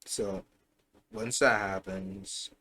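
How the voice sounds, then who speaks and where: A man's voice: fairly low pitch, fairly even intonation, extremely slow, bright, forceful tone, slight background noise. A young man casually improvising a fan story aloud, rambling and correcting himself as he goes. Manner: rambling, self-correcting, chatty.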